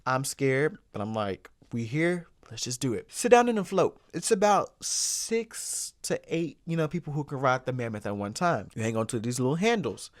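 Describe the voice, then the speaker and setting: A young man hosting his own show tells a personal story in a casual way, repeating phrases for comic effect. His mid-range voice swings widely in pitch at a moderate pace with few pauses, and the recording is dry and studio quality.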